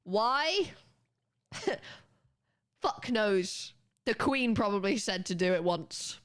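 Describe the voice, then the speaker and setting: A young British woman streaming and chatting casually with her chat, animated and quick to laugh, with casual swearing. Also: mid-range voice. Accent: British English. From United Kingdom. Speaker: livestreamer.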